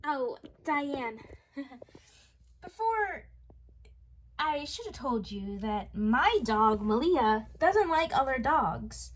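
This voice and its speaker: A woman's voice: high-pitched, sing-song, drawn-out words, pauses often, full character voice. A woman voicing a flustered woman dog owner who talks hesitantly, in an amateur role-play video.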